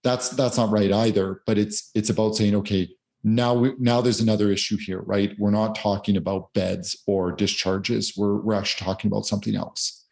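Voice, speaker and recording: A man's voice: lowish voice, fairly even intonation, moderate pace, creaky, few pauses, a little mellow. A man hosting a podcast as a physician, talking in a reflective, earnest way. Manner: reflective, earnest, some repeated words. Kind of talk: conversational podcast interview.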